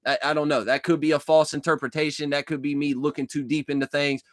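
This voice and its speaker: A young vlogger recounts a long dream, rambling casually, swearing often, repeating himself and restarting sentences. His voice is on the high side with little pitch movement, and he talks fast with no echo.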